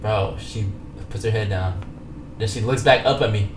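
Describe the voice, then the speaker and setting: A young man telling a story from his own life as a streamer, rambling, slangy and repeating himself, sometimes dropping to a hushed low voice. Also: normal speed, a little hiss or hum. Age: young adult. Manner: drops to a hushed low voice for spicy parts. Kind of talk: casual storytelling.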